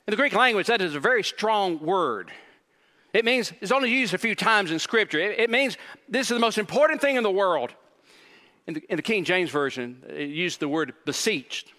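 A man's voice: high-pitched, brisk, pushed and bright. A man preaching a sermon as pastor, emphatic and building intensity, repeating key phrases for weight. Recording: reverberant hall.

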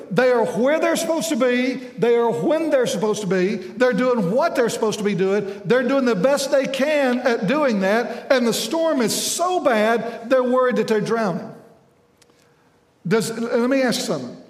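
High-voiced preacher in an echoey hall. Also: male voice. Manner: folksy, conversational, quizzes the congregation, stumbles over repeated words. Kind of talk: sermon. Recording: echoey hall with long reverb.

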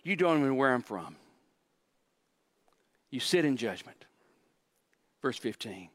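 A man preaching a sermon, walking through scripture verse by verse with emphatic delivery and quick stammered restarts. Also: mid-range voice, sing-song. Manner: rising and falling intensity, with short stammered restarts. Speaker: pastor.

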